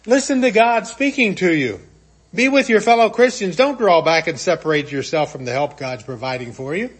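A man's voice: high voice, expressive, normal speed, slightly rough. A man preaching a sermon, earnestly retelling a scripture story and acting out its quotes.

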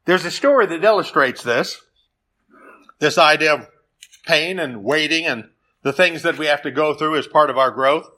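A man preaching a sermon in an earnest, measured way. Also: on the high side, bright, forceful tone. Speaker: pastor.

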